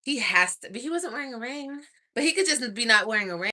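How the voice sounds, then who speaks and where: A young woman chats to camera from home at night, gossiping and swearing as she talks. Her bright voice swoops up and down. She often breaks into sighs and laughter. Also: fairly high pitch, lively intonation, fast. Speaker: vlogger. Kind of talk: casual chat to camera.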